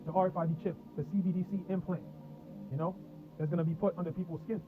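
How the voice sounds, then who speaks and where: Fast-talking preacher on a tinny line. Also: male voice, sits high, fairly even intonation. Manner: reads verses then explains in loose slang. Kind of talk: scripture teaching. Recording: tinny phone-like audio with faint music.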